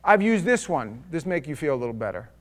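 A man preaching a sermon as pastor, conversational and wry, swinging between loud bursts and hushed asides. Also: on the high side, very animated, quick pace.

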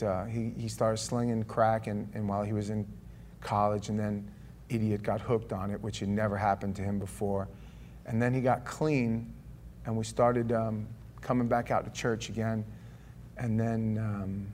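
A pastor with a fairly low, darkish voice preaches in a church, sharing a personal testimony in a conversational, emotional way and frequently restarting his sentences. There's slight background noise.

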